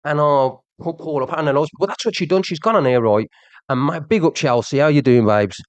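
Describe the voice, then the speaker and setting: A man delivers a heated livestream rant, jabbing at someone he calls out and circling back to the same points again and again. His voice sits a touch high for a man, and the sound is close and dry with no room around it. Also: fairly quick, no room sound. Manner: confrontational, repeats himself, addresses the viewer directly.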